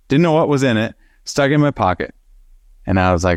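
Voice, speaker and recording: A man teaching a Bible study, telling a personal story with lively acted-out dialogue and frequent laughter. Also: medium pitch, a little fast, no room sound, studio quality. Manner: animated storyteller who acts out dialogue and laughs.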